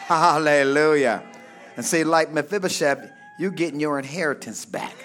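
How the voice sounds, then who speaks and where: Fervent male preacher, high and bright, swoops a lot, shouts calls for amen. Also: normal speed, faint music behind. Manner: fervent call-and-response preaching, often shouting; reads scripture aloud, then explains it. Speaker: pastor. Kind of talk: sermon.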